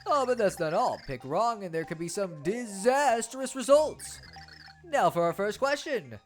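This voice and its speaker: A woman's voice: mid-range voice, animated, measured pace, faint music behind, voice pushed up, natural voice. A woman doing a hyped game-show host. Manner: hyped, showy announcing.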